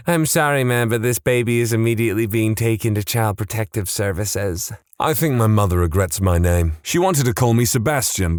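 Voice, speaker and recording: A man's voice: medium pitch, dry recording, studio quality. Wry man reading storytime submissions. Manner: wry, joking asides between read stories. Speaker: podcast host reading listener stories. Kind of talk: storytime narration with commentary.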